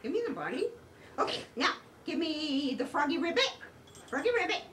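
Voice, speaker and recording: A woman's voice: high-pitched, big pitch swings, normal speed, fairly bright tone, reverberant, recorded from a distance. A woman at home, talking to her dog in a coaxing, sing-song pet voice with lots of repetition, in a noisy home video. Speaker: dog owner and hostess. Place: indoors at home.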